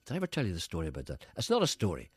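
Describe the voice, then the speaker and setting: A man's voice: sits low, wildly swooping pitch, very fast, breathy edge, no room sound, studio quality. A man hosting a radio show, rambling through a story and acting out the lines of the people in it. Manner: rambling storyteller, acts out quotes, laughs at own tales. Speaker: radio host. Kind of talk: casual chat.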